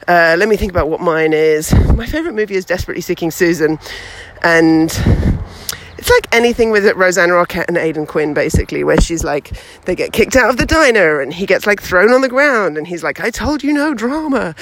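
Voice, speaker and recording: Lively, chatty woman teaching outdoors. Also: lowish voice, brisk, a little hiss or hum, poor audio. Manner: lively and chatty, with many fillers. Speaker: storytelling teacher, podcast host. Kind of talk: casual instructional talk. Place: outdoors, walking with a baby past traffic.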